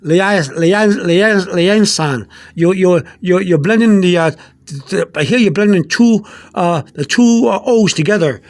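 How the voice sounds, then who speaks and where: A man with a high voice teaches a casual language lesson. He talks haltingly, repeating words and spelling out letters one by one, with plenty of uh and um between phrases. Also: lively intonation, a little mellow. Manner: explains slowly and spells out letters.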